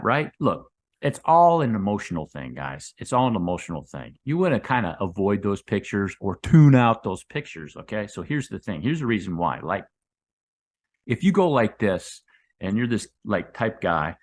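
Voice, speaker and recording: Low-voiced man rambling over crypto charts. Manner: rambling, addresses viewers as guys, drops low on tag words. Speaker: crypto market analyst. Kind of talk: casual chart commentary.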